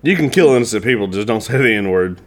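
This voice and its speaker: A man chatting on a casual podcast, dropping deadpan jokes. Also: fairly low pitch, fast. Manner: deadpan joker.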